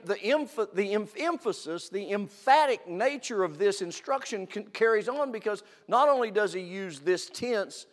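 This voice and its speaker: Earnest preacher man in a reverberant hall. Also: high voice. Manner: earnest, emphatic, repeats phrases for stress. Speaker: pastor. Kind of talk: sermon. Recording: long reverb of a large hall.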